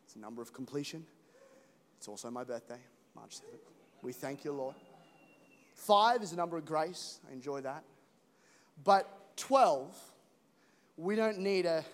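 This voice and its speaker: A man preaching an animated sermon as a pastor, joking and building to loud peaks. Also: high voice. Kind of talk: energetic sermon. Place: large church hall. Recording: long hall reverb.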